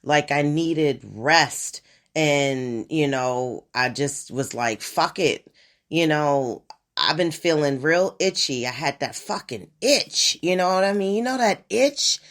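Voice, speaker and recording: A woman in her forties hosting a podcast alone, rambling in a profane, animated casual monologue. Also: low voice, slow pace. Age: 40s. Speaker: podcast host.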